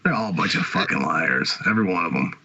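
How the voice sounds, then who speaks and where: A man's voice: low voice, expressive, fast, creaky, bright, forceful tone, dull audio, a little hiss or hum. A man hosting a podcast, swearing constantly as he rambles through casual profane chat. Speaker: podcast host.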